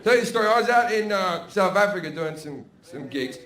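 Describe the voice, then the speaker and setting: A man's voice: high voice, lively intonation, a little fast, fairly bright tone, slight background noise. Foul-mouthed Australian man doing stand-up. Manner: crude, swearing, storytelling with asides. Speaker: stand-up comedian. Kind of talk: stand-up routine. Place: stage before a laughing audience. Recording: roomy live venue sound.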